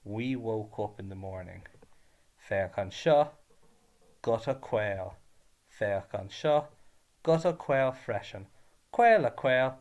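A man's voice: on the low side, animated, takes it slowly, long pauses, a little mellow, dull audio. A man with an Irish accent teaching a revision lesson, patient and spelling words out syllable by syllable.

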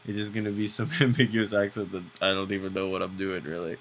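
A young man talks his way through a drawing lesson in a loose, rambling manner, drifting into jokes at his own expense. His voice sits a little low and has a gravelly, fried edge. A faint hiss of noise lies under it. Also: level tone, fast talker, a bit bright. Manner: rambling, joking, self-mocking. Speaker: drawing tutorial host. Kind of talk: casual narration while drawing.

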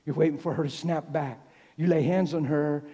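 Male preacher, mellow and a bit husky, storytelling sermon, echoing church hall. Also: fairly high pitch, normal speed. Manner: storytelling, animated, acts out dialogue. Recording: long reverb in a church hall.

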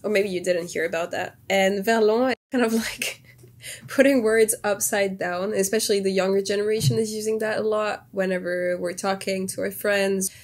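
A woman's voice: medium pitch, steady tone, moderate pace. A young woman with a French accent, a native French speaker, chatting casually to camera as a YouTuber, laughing often and sometimes exasperated, recorded on a phone's small mic. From France. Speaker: YouTuber testing a language app.

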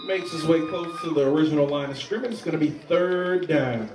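A man calls a youth football game play by play, calm and steady as each snap unfolds. His voice sits a bit high and comes from a distance, echoing over the field. A loud crowd and steady noise fill the background. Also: brisk, few pauses. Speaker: play-by-play commentator.

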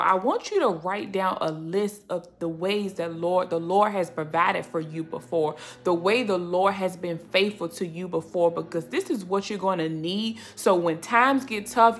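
A woman giving a passionate devotional talk and prayer to her viewers, emphatic and repeating "right?" as she encourages them. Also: medium pitch. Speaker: Christian faith YouTuber.

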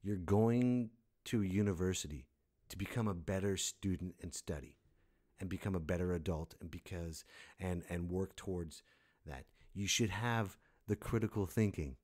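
A man's voice: sits low, a little slow, darkish tone. A man hosting a comedy podcast, delivering a sarcastic, exasperated rant and laughing at his own jokes. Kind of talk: stand-up style comic rant.

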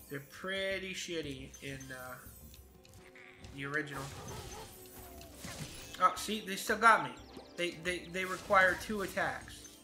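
A man in his late twenties talks through a platformer in a rambling, profane let's-play chat. His voice is strikingly bright and a touch high, and faint game music plays underneath. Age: 20s. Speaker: gameplay commentator. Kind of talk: casual let's-play commentary.

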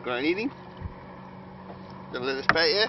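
A man's voice: fairly high pitch, animated, normal speed. An Australian man on a boat on the water, coaxing a dolphin with sing-song calls and chuckles. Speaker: vlogger feeding a dolphin. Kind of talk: casual talk to an animal. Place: outdoors on a small boat on the water. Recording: dull lo-fi outdoor recording with boat and water noise.

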